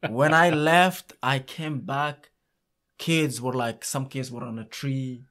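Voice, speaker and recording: Guy telling camp stories in an interview, middle pitch, lots of restarts, animated. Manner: animated, halting, many restarts. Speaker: youth soccer camp organizer, guest. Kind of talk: casual storytelling in an interview.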